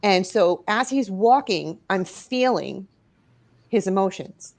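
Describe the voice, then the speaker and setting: A middle-aged woman from New York, a guest author and paranormal investigator, telling an emotional personal story in a studio. She is expressive, rising and dropping her voice as she goes. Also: medium pitch, slow. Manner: expressive, rises and drops as she tells the story.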